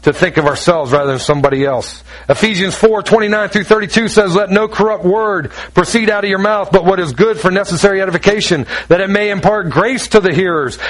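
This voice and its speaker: Guy preaching a sermon, fairly high voice, punchy and conversational, lots of rhetorical questions. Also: poor audio. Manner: acts out quoted voices. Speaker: pastor.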